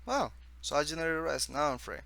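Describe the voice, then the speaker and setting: A man from the East Coast of the United States casually walks through his own text game, reading the on-screen text haltingly with restarts and asides. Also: on the high side, big pitch swings, creaky, pushed and bright.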